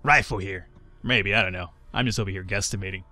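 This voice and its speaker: A man's voice: sits low, fast, bright, forceful tone, no room sound, faint music behind. Offhand man narrating a video game. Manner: swearing, offhand and joking. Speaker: game commentator. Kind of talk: casual game commentary and reading.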